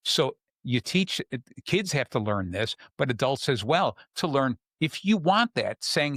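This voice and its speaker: Male podcast host, mid-pitched, talks through acted examples in a dry close sound. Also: very animated, unhurried, hardly any pauses, fairly bright tone, dry recording. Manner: explains with acted-out examples, many fillers. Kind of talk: casual chat.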